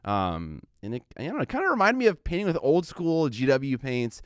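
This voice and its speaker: A man's voice: mid-range voice, big pitch swings, brisk, clear, resonant tone, no echo, clean studio sound. A man co-hosting a casual podcast, rambling with lots of fillers and restarts. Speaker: podcast co-host.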